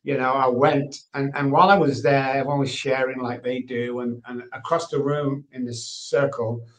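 A man's voice: mid-range voice, little pitch movement, normal speed, a bit bright. A man from England, a guest giving a candid personal testimony in an earnest, repetitive storytelling manner. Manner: earnest storyteller, repeats himself for emphasis. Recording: roomy, echoey sound.

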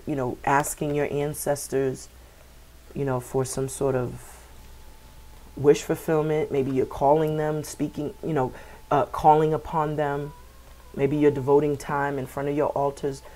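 Low-pitched woman, rambling tarot reader, filler-heavy and repetitive. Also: flat delivery, unhurried, darkish tone. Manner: meandering, repeats words, many fillers. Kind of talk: spiritual reading for viewers.

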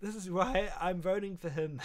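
A young man streaming live, reacting to clips in casual chat, excitable and openly emotional, swearing freely. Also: sits high.

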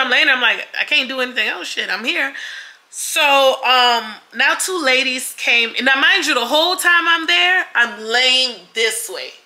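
A young woman tells her viewers a personal story in a relaxed vlog. Her voice is very bright and a bit high. She is animated and keeps acting out the other people's lines. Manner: animated, acts out quoted voices, addresses viewers as y'all. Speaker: vlogger.

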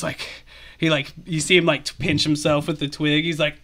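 A man narrating as game master, chatty and animated. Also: a little high, normal speed.

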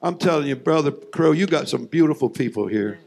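A man preaching a fiery sermon, emphatic and folksy, with drawn-out phrases that swing between loud and hushed, plus joking asides to the congregation. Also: fairly high pitch, lively intonation, vocal fry, heavy background noise. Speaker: visiting preacher.

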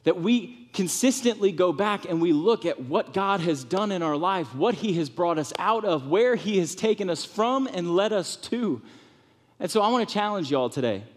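A man preaching a sermon in a church with lively, animated delivery, sometimes softening to a hushed, comforting tone. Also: moderate pace. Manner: animated preaching, drops to soft tones for comfort, rises high for emphasis. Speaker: pastor. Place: church sanctuary. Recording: long reverb of a church hall.

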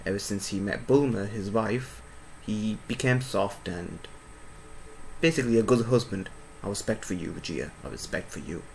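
A man's voice: lowish voice, moderate pace, gravelly, a little hiss or hum, rough recording. A man giving casual, effusive reaction commentary as a YouTuber, often repeating his words. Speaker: YouTuber reacting to an anime clip. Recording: loud soundtrack music behind voice.

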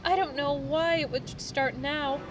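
A woman's voice: high-pitched, steady tone, unhurried, background noise, pitched above the performer's own voice. A woman voicing a rage-addled female dryad from a video game, swinging between hostility and apology. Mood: strained. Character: rage-addled female dryad, tree spirit, erratic and snappish. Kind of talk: reading game dialogue aloud.

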